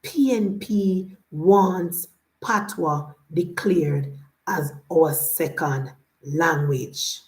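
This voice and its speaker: A Jamaican woman with a lowish voice speaks very slowly in an echoey room. She delivers opinionated political commentary, indignantly firing off rhetorical questions and slipping into Patois.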